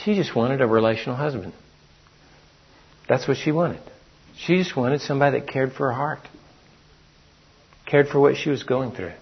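A man's voice: mid-range voice, moderate pace, pauses often, slightly rough, muffled recording. A man preaching a sermon in a folksy, storytelling way. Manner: folksy storytelling, acts out quotes.

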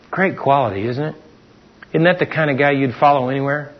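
A man's voice: medium pitch, fairly quick. A middle-aged man preaching a conversational sermon, asking his listeners questions and acting out what people say. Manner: conversational preaching with rhetorical questions and acted-out quotes. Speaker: pastor. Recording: dull lo-fi sermon recording.

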